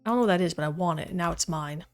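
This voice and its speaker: A woman's voice: on the low side, rapid-fire, soft background music. A woman streaming a video game, chatting casually with her viewers as she plays and often laughing. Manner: chatty, talks to chat while playing, laughs often. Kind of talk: casual livestream gaming chat.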